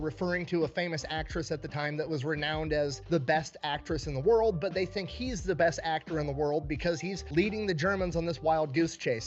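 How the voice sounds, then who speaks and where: A man telling a history story in casual, animated, profane storytelling. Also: fairly high pitch, highs cut off.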